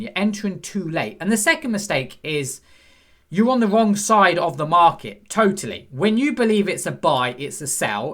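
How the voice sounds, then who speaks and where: With a voice on the high side and a bit bright, a forex instructor walks through a chart in a screen-share lesson. He talks conversationally, poses questions to the viewer, and acts out what a frustrated trader is thinking.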